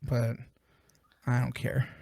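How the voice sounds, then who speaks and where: A man's voice: medium pitch, level tone, takes it slowly, gravelly, a little mellow, dry recording, studio quality. A man co-hosting a casual music review podcast, joking and rambling with plenty of fillers. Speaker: podcast co-host.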